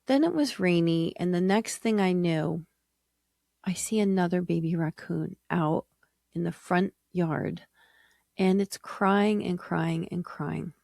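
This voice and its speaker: Woman podcast host with a lowish voice, earnest and gentle storytelling, dry close sound. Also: creaky, dry recording.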